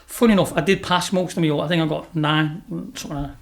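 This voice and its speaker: A man's voice: on the high side, fairly even intonation, quick pace. A man in his fifties from Liverpool with a Liverpool accent, a guest telling rambling, sweary stories with frequent laughs. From Liverpool, England. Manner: rambling, swearing storyteller who laughs often. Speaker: guest, racehorse owner. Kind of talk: casual chat.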